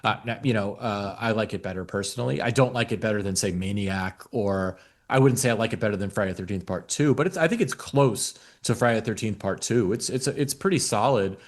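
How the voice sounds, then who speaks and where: A man co-hosting a podcast, chatting loosely about a movie. His voice sits fairly low. He fills his talk with likes and you-knows and often restarts. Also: brisk. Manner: loose, filler-heavy opinions with many restarts. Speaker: podcast co-host. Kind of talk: casual chat.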